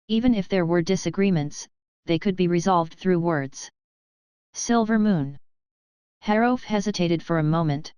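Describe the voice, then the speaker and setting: A woman narrating a fantasy novel audiobook in an even, steady reading voice. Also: on the low side, clear, resonant tone, dry recording, rough recording. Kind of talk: scripted narration.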